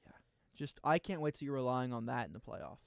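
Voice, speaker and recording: A young man from Texas co-hosting a casual sports radio talk show, rambling excitedly through stories. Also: medium pitch, brisk, gravelly, dry recording, studio quality. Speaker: co-host. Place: radio studio. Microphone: studio microphone.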